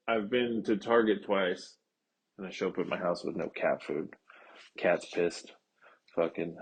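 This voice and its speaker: A man's voice: low-pitched, a little mellow, husky. A young man, telling a rambling, profane story in a casual podcast monologue. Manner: rambling, profane, laid-back. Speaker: podcast host.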